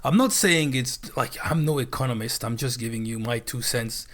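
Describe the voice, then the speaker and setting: A man's voice: medium pitch, moderate pace, fairly bright tone. A man from France, a streamer ranting bluntly with lots of swearing and repeated points. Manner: blunt, swearing, emphatic repetition. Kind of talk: profane livestream rant.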